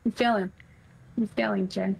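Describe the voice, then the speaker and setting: A woman's voice: mid-range voice, steady tone, normal speed, creaky, breathy edge. A woman sitting in on a game stream, teasing the streamer and laughing a lot. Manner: teasing, laughs often, swears. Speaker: streamer's co-player. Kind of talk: casual teasing banter. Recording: noisy, partly off-mic.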